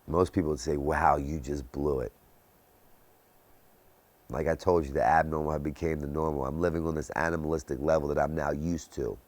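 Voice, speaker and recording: Deep-voiced man telling his story intensely. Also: fairly even intonation, quick pace, few pauses. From Baltimore area, US. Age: 30s. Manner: intense storytelling, dramatic quiet drops. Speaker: recovery speaker. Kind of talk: personal testimony.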